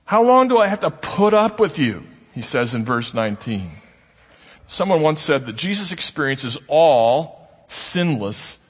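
A man preaching a sermon in an earnest way, voicing the people he quotes with a rising, pleading tone. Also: in a large hall. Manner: earnest, acts out quoted speech with rising pitch. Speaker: pastor.

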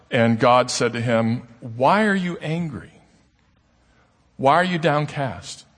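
A man preaching a sermon in a conversational way, posing rhetorical questions to his congregation. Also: medium pitch. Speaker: pastor. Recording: long hall reverb.

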